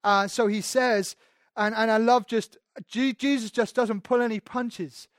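A man's voice: extremely high pitch, fairly even intonation, a little slow, no echo, clean studio sound. A man preaching a sermon in a conversational way, building to emphatic rises. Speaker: pastor.

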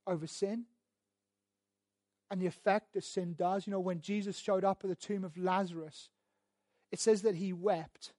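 A man's voice: high voice, moderate pace, pauses often, no echo. Man preaching, pastor's sermon, emphatic, repeats lines, dry close sound. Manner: emphatic, repeating key phrases, swelling louder on points.

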